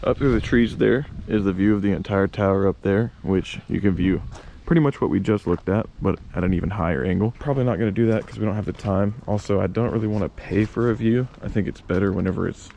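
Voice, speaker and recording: A man's voice: on the low side, fast, creaky, warm tone. A man casually vlogging on a hiking trail, talking to his viewers as guys, joking and chatty. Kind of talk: casual travel vlog. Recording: noisy outdoor recording.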